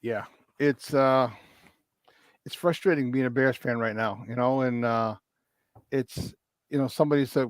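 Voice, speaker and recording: A man co-hosting a casual sports talk show, telling stories with lots of fillers, swearing freely, and getting loud when he acts out a scene. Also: mid-range voice, unhurried, long pauses, no echo. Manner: animated storyteller who shouts in retold scenes, swears freely. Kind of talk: casual sports radio chat.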